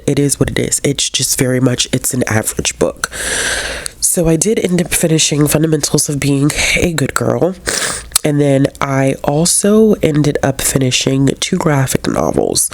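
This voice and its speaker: A woman's voice: a bass voice, darkish tone, dry recording. A young adult woman with a congested, stuffy voice, chatting casually and earnestly in a book vlog, with many fillers and restarts. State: congested from a cold. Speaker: book vlogger. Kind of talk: casual reading vlog chat.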